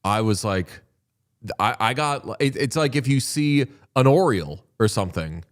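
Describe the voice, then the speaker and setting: A man's voice: mid-range voice, expressive, moderate pace. A man co-hosting a casual sports podcast, telling rambling stories with plenty of swearing. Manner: rambling storytelling, heavy swearing. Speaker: podcast co-host. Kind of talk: casual chat.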